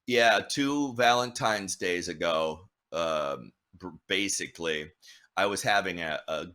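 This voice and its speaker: A middle-aged man, a guest artist, telling a story casually, animated and swearing, acting out the voices of people he met. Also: deep voice, slow pace. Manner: animated, swearing, acts out dialogue.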